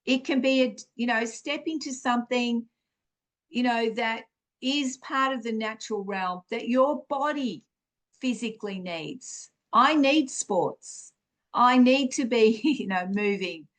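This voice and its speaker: A woman speaks slowly and earnestly, teaching on spiritual growth as a podcast host. Her voice sits a little high, and she encourages her listeners warmly, often pausing on fillers and restarting her sentences.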